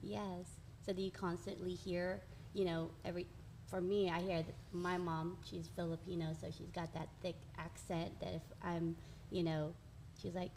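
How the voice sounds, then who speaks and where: Woman, podcast host, lowish voice, encouraging, faint background hiss. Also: little pitch movement, normal speed, a little mellow, poor audio. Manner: affirming, encouraging. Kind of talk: interview chat. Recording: faint ambient noise.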